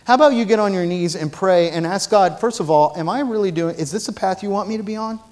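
A man with a fairly high voice preaching from a church platform. He tells funny stories, then builds to loud, emphatic preaching. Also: fast. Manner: storytelling with humor, rising to loud preaching. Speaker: pastor. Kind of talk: sermon.

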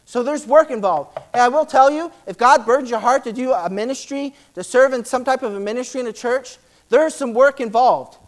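A man preaching a church sermon and reading scripture aloud, talking fast and excitedly, often repeating words as he presses on. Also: very high voice.

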